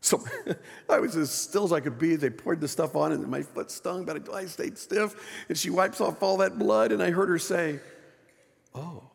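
Middle-aged male pastor, conversational sermon with story asides; slightly high, gravelly voice in an echoey sanctuary. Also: normal speed. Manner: conversational storytelling, asks the congregation. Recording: echoey church hall.

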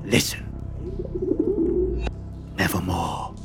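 A man's voice: low-pitched, fairly even intonation, very slow, over loud music. An actor playing a pompous man who poses as Edgar Allan Poe with a put-on Southern American drawl and grand theatrical delivery, in a comedic audio drama. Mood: ominous.

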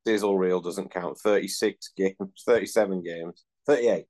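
A man's voice: low-pitched, normal speed, darkish tone. A man from northern England co-hosting a casual gaming podcast, dry and prone to swearing, talking over a call. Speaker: podcast co-host. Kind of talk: casual banter. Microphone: remote call mic.

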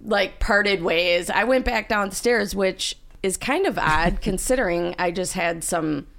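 A woman's voice: medium pitch, measured pace, creaky, a bit bright. A woman co-hosting a casual podcast, telling a story animatedly and acting out her own panicked lines. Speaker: podcast co-host.

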